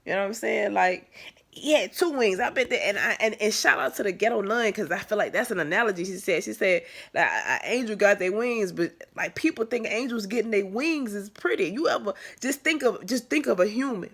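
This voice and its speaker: A woman's voice: medium pitch, animated, fairly quick, vocal fry, breathy edge. A woman telling a painful personal story to camera in a casual, candid way, full of fillers and restarts. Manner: conversational, many fillers and restarts, swings from soft to emphatic. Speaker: vlogger.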